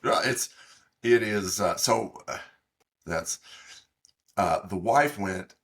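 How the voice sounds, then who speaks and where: A middle-aged man co-hosting a podcast, telling a long, halting story in casual chat with many fillers. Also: fairly low pitch, vocal fry, fairly bright tone, husky. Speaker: podcast co-host.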